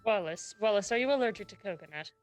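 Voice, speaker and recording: A woman playing a tabletop game, brisk and insistent in character. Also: medium pitch, expressive, faint music behind, poor audio. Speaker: player. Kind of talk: tabletop role-play.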